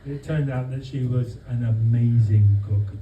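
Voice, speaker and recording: A man from London giving a humorous birthday speech for his wife to friends at a restaurant, with dry comic timing and many pauses. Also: medium pitch, lo-fi sound, noisy background. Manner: deadpan comic timing, halting with fillers. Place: restaurant dining room with guests. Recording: echoey room, voice from far off. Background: guests laughing.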